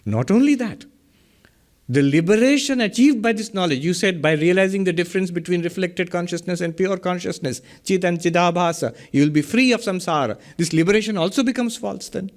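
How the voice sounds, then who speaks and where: A man's voice: high-pitched, fairly quick. A middle-aged man, teaching Vedanta philosophy in a lecture, explaining through questions and everyday examples. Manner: explains by questions and examples, chuckles at own jokes.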